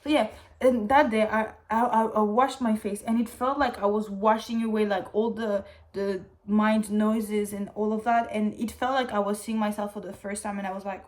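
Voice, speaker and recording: A woman's voice: on the high side, fairly even intonation, a little fast, darkish tone. A woman chatting casually to her channel in a rambling, candid way, full of "like" fillers and swearing, at times getting emotional. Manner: swears freely; emotional, gets teary. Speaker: vlogger. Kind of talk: casual chat.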